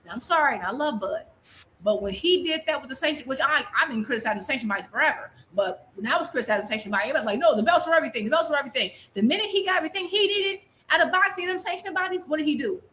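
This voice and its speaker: Woman panelist, high and quick, emphatic ranter, faint noise behind. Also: lively intonation, bright, forceful tone. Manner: fast emphatic ranting with quoted asides. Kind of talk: casual panel chat.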